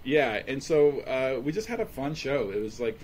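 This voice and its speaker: A man co-hosting a podcast as a stand-up comedian, talking in a relaxed, rambling way with plenty of fillers. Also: mid-range voice, moderate pace, a little hiss or hum. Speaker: podcast co-host. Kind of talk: casual chat.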